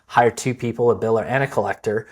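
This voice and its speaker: A man's voice: fairly low pitch, fairly even intonation, fast, breathy edge. A man hosting a business podcast, chatting casually and asking long, rambling questions. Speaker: podcast host. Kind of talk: conversational interview.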